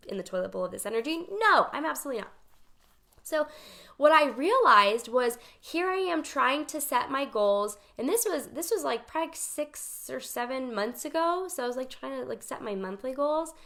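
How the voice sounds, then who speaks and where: A woman's voice: sits high, sharp tone. A woman coaching on focus in a chatty, emphatic talk to her viewers, acting out her own inner voice as she goes. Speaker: life coach. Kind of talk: casual talk to camera, live session.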